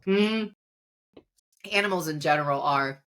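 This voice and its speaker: A woman's voice: low voice, measured pace, fairly bright tone. A middle-aged woman hosting a podcast, chatting casually and rambling with frequent giggles. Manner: giggly, rambling, laughs often. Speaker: podcast host. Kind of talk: casual chat.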